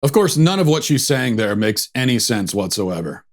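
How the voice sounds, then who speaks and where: A man's voice: medium pitch, big pitch swings, moderate pace. A man hosting a show, giving sarcastic, mocking political commentary. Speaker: host.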